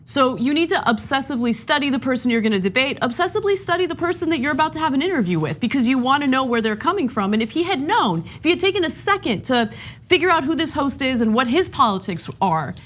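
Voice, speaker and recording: A woman's voice: sits high, sing-song, fast, fairly bright tone, a little hiss or hum. Female panel host, emphatic and critical commentary delivery.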